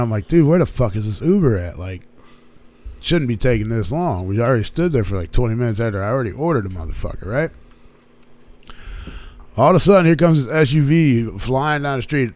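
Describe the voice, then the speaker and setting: A man hosting a radio show, telling a long story in casual, profane chat and acting out the quotes of people in it. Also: medium pitch. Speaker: podcast host. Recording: faint music behind.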